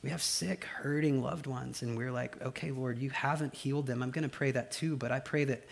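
Animated preacher man. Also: medium pitch, brisk, gravelly. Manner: animated, conversational preaching with frequent "right?" and "y'all". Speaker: pastor. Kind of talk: sermon. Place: church.

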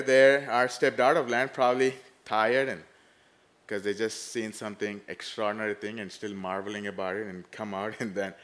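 A man preaching a sermon, animated, rising loud and dropping to hushed tones as he acts out the story. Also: mid-range voice.

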